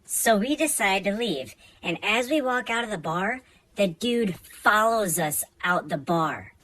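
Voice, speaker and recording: A woman doing a comic storytime monologue, animated, swinging between loud bursts and soft asides. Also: mid-range voice, measured pace, rough recording. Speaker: comedian.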